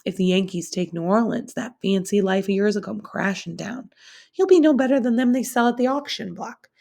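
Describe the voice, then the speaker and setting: A woman's voice: mid-range voice, fairly quick, vocal fry, mellow. A woman voicing a sneering, bigoted middle-aged landlady, with a snapping, scornful drawl, read aloud from a novel.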